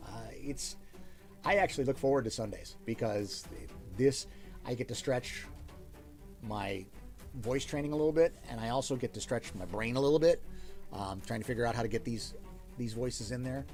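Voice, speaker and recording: A man's voice: medium pitch, expressive, moderate pace, darkish tone, faint music behind. A man hosting a livestream, chatting casually with viewers, thinking aloud and thanking them often. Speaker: livestream host reading requests aloud.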